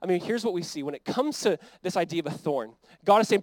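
An American man preaching with a fairly high voice, recorded close and dry with almost no room sound. His delivery is conversational and earnest, and he voices the scripture quotes as if the speakers were talking. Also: lively intonation, fast talker, few pauses, dry recording, rough recording. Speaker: pastor. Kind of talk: sermon.

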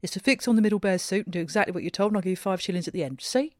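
A woman voicing a brusque, hurried working man as she reads a story aloud. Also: mid-range voice, a little mellow, dry recording, clean studio sound, close to an everyday voice. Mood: gruff, bossy. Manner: brusque, fast, commanding.

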